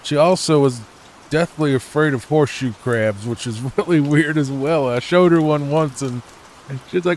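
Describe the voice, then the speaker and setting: A man from the United States giving soft-spoken, rambling gameplay commentary meant for falling asleep, full of hesitations. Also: on the high side, moderate pace, slight background noise. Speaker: gaming channel host.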